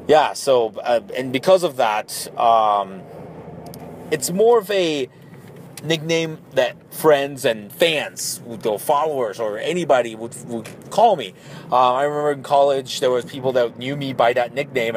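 A man's voice: mid-range voice, a little hiss or hum. Rambling man telling a story. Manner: rambling, many fillers and restarts, animated when excited. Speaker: podcast host. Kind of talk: casual storytelling monologue.

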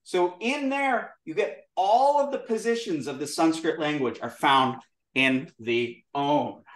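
Man, high voice, animated, classroom teacher, roomy echo. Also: measured pace, far from the mic. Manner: lively, demonstrative, drills sounds aloud. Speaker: Sanskrit teacher. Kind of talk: classroom lesson with call-and-response.

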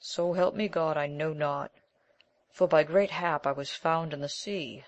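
A courteous, earnest young knight speaking in measured, unhurried phrases, voiced by a woman reader. Her tone sits a little lower than usual for this audiobook role. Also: steady tone, dry recording, highs cut off. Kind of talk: audiobook character voice.

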